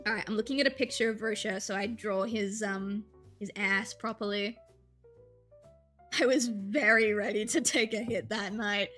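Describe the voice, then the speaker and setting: A woman's voice: medium pitch, fairly even intonation, moderate pace, a bit bright, faint music behind. A woman in her twenties, a streamer, casually telling a story while drawing, laughing often and slipping into quoted voices.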